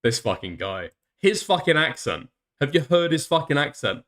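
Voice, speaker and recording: A man's voice: fairly high pitch, big pitch swings, normal speed, fairly bright tone. Sweary guy hosting commentary, laughs a lot, sarcastic. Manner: profane, laughs often, sarcastic. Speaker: commentary host. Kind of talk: casual call and reaction commentary.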